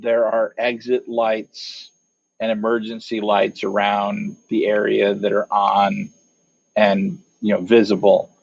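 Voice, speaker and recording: A man narrating a tabletop game as game master, hesitant, pausing often with fillers and restarts. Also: fairly low pitch, darkish tone, dry recording. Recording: dull lo-fi dry mic.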